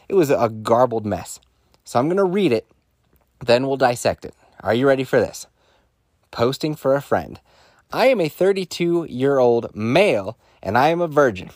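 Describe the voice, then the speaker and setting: Animated, laughing man with a lively voice. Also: mid-range voice, no echo, clean studio sound. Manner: profane, laughs often, animated storytelling. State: congested sinuses. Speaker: podcast host. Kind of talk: casual comedic monologue.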